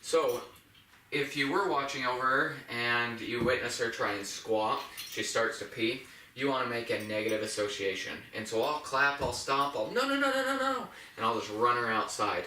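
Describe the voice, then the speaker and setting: A man's voice: fairly even intonation, moderate pace, pushed and bright, far from the mic, a little hiss or hum. Man explaining, in a roomy space. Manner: plain, practical explaining, high praise voice to the puppy. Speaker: dog trainer. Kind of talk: instructional demonstration. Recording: roomy echo, voice off-mic.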